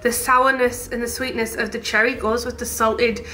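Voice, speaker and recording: A woman's voice: on the high side, little pitch movement, normal speed, bright, forceful tone, slight background noise. A young woman with a Teesside accent from northeast England, chatting casually about her shop while tasting sweets. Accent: Teesside English. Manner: bubbly, chatty, gushing. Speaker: shop owner and vlogger.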